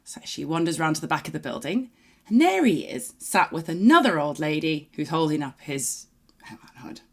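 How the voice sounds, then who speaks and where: A woman co-hosting a reaction video, telling a long joke in a casual, animated way and laughing easily. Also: low voice, moderate pace. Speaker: reaction channel co-host.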